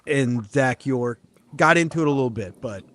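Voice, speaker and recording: A man's voice: mid-range voice, expressive, normal speed, a bit bright. A man hosting a casual sports podcast chat in an easygoing way, steering it with questions to his co-hosts. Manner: easygoing, leads the talk with questions.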